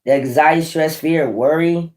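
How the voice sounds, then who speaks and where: A man giving a casual tarot reading, blunt and profane, with animated swings in delivery. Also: fairly high pitch, normal speed. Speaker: tarot reader.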